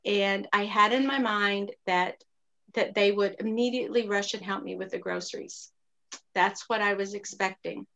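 A woman's voice: mid-range voice, gravelly, fairly bright tone. A middle-aged woman and single mother tells a personal story in a candid, confessional way, reflecting earnestly from a faith-minded angle.

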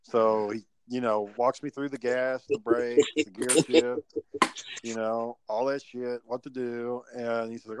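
A man's voice: medium pitch, unhurried, crowd noise. A man telling a story in casual podcast chat, cursing freely and acting out his own past lines. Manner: swearing, animated storytelling.

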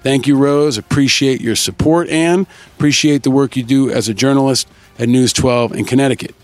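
A man hosting a podcast, upbeat as he reads out shout-outs and thanks to listeners in a casual scripted way. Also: mid-range voice, moderate pace, no echo, faint music behind. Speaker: podcast host.

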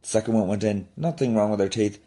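A man, hosting a comedy podcast and ranting in an exasperated, animated way. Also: on the low side, fairly quick. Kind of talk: comic rant.

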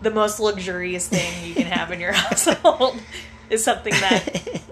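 Woman, mid-pitched, chatty and giggly, casually profane, relaxed conversational delivery. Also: normal speed, noisy background. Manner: chatty and giggly, swears offhandedly. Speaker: conversation partner, a parent. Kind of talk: casual chat.

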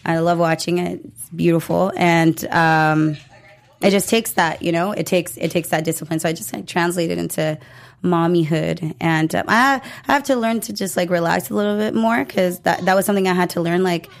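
A woman's voice: on the low side, normal speed, gravelly. A woman in her thirties, an interview guest and wrestler, chatting casually and telling stories with lots of fillers. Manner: chatty, animated storyteller, many fillers.

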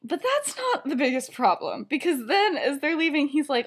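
A woman's voice: sits high, very animated, moderate pace, few pauses. A young woman co-hosting a podcast, retelling a fan story in a casual, giggly way with lots of fillers and acted-out quotes. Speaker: podcast co-host.

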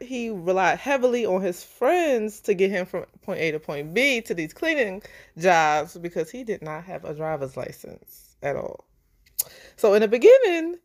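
A woman's voice: mid-range voice, a little mellow. A woman co-hosting a true-crime podcast, telling the story in a casual, chatty way. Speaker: podcast co-host.

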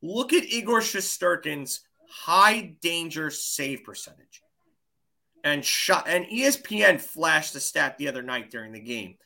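Excitable high-voiced man arguing hockey. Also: unhurried, gravelly. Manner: emphatic, excitable, argues hard. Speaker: podcast co-host. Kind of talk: casual hockey chat.

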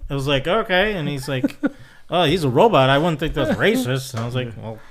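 A podcast host talks through a movie in a loose, casual way. His voice sits a little high, and he laughs easily and keeps slipping into put-on voices to replay the scenes. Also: lively intonation, brisk, fairly bright tone. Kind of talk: casual chat.

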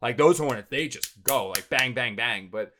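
A man's voice: mid-range voice, animated, normal speed, bright, forceful tone, a little hiss or hum. A man co-hosting a show, telling a long story in a casual, rambling way with lots of fillers and restarts.

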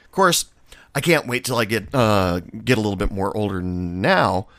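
A man's voice: on the low side, expressive, normal speed, fairly bright tone, dry recording. A middle-aged man, a bartender, telling a story in a casual, sarcastic and blunt way.

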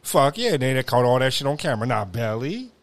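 Blunt, swinging-pitch podcast co-host man. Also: big pitch swings, fairly quick. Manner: blunt, profane reactions. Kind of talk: casual podcast chat.

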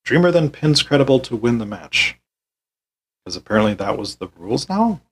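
A man hosting a podcast, recapping a wrestling show in a weary, deadpan, sarcastic way and swearing often. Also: mid-range voice, normal speed, a little hiss or hum, rough recording.

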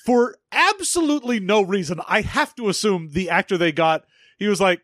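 A man's voice: high voice, expressive, moderate pace, fairly bright tone, no room sound, studio quality. A man co-hosting a comedy podcast, recapping a movie in casual, joking chat with frequent swearing and laughter. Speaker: podcast co-host.

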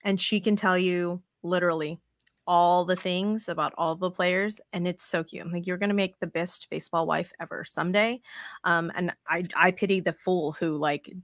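A woman's voice: lowish voice, steady tone, moderate pace, a bit bright, no echo. Woman, thirties, podcast guest, swears a lot, acts out quotes, dry close sound. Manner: profane, storytelling with quoted dialogue. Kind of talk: casual chat.

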